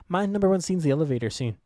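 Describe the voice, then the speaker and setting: A man's voice: on the high side, animated, fast talker, mellow, no room sound, clean studio sound. A man co-hosting a movie review podcast, chatting in an easygoing, self-deprecating way with frequent chuckles. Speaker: podcast co-host. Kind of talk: casual chat, movie review.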